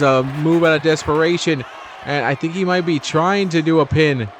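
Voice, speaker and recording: A man's voice: moderate pace, some chatter behind, a little hiss or hum. A man giving chatty, casual play-by-play commentary on a video game wrestling match, his voice jumping up at big moves. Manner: chatty, excitable, jumps in pitch at big moves.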